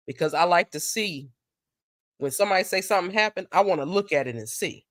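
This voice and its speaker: A woman hosting a casual live stream, chatting and telling stories, acting out what people said in a higher voice. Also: a little fast, dry recording, studio quality. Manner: animated storyteller who acts out quotes in a higher voice.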